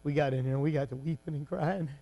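A man's voice: on the high side, fairly even intonation, quick pace, gravelly, lo-fi sound. A man preaching a fervent, folksy revival sermon in a church. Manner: fervent, folksy, rising to shouts.

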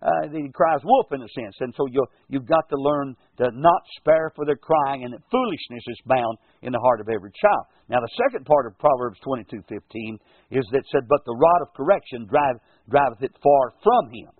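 An older pastor delivers a folksy radio sermon with a lively, rising and falling voice. His tone is husky and a bit high for a man. The broadcast sound is thin and tinny, like a phone line. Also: no echo. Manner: folksy preaching, animated, quotes scripture slowly. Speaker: radio pastor and show host.

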